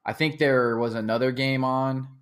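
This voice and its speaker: A man co-hosting a sports podcast, answering casually in short, halting replies. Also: medium pitch, fairly even intonation. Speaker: podcast co-host.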